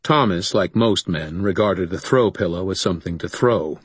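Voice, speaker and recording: Deep husky man narrating an audiobook. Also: normal speed, dry recording. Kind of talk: first-person audiobook narration.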